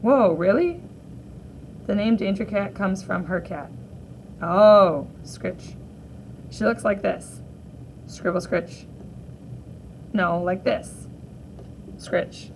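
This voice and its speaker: A woman teacher reading a graphic novel aloud for children, gently voicing each character in turn. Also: medium pitch, fairly even intonation, takes it slowly, pauses often, a little hiss or hum, poor audio.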